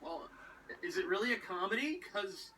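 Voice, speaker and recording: A man's voice: high-pitched, sing-song, moderate pace, creaky, bright, forceful tone, slight background noise, low-quality recording. A man hosting a show, ranting sarcastically and with a lot of swearing. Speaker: show host. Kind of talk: ranting commentary.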